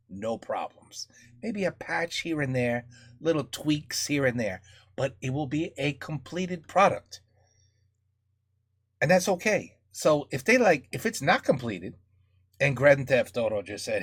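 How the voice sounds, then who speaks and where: A man giving casual reaction commentary in an animated, rambling way. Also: mid-range voice, unhurried, slightly rough. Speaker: reaction channel host.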